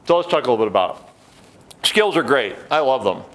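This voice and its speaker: A middle-aged man gives a conference talk at medium pitch and a slightly fast clip. He tells stories animatedly, acting out the people he quotes and dropping wry, joking asides.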